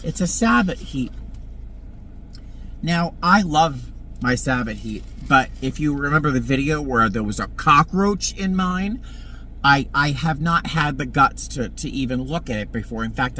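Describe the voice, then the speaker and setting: A man's voice: mid-range voice, pushed and bright, slight background noise. A man, a flight attendant, telling a story in a casual vlog. He talks in an emotional, dramatic way, with sudden emphatic swings.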